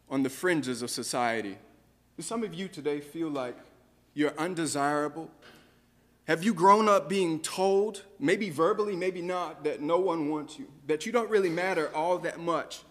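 A man's voice: fairly high pitch, unhurried, fairly bright tone, in a large hall. A man preaching a sermon, earnestly posing rhetorical questions to the congregation. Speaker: pastor.

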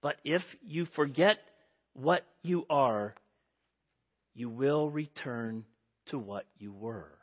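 A man preaching a sermon to a congregation, telling a story with animated delivery and acting out the quoted voices. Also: medium pitch, slow, pauses often. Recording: dull lo-fi.

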